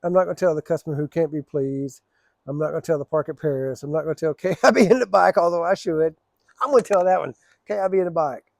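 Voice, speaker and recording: A man's voice: on the high side, fast talker, creaky, dry recording, studio quality. A man telling rambling, profane stories in a casual, laid-back way. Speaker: storyteller. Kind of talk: casual storytelling.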